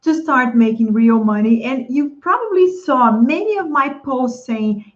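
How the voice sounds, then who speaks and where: A woman's voice: high-pitched, lively intonation, unhurried, hardly any pauses, dull audio. A woman hosting a live stream for English teachers, upbeat and greeting viewers by name. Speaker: livestream host coaching English teachers.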